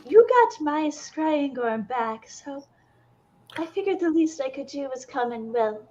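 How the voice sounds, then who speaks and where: Woman playing a breathy dragonborn woman, nervous, stammering, high and lively. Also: a little slow, muffled recording. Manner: hesitant, stammering.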